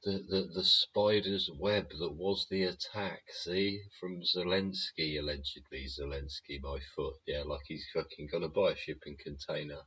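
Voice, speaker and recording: A man's voice: a bass voice, fairly even intonation, normal speed, few pauses, a bit bright, slightly rough. A man hosting his show in a sweary, rambling rant full of tag questions and chuckles. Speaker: show host. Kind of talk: casual ranting monologue. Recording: dull lo-fi recording.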